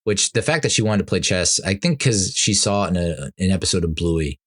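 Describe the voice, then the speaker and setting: A man's voice: deep voice, expressive, brisk. A man hosting a casual solo podcast, rambling through stories with frequent laughs and exasperated asides. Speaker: podcast host.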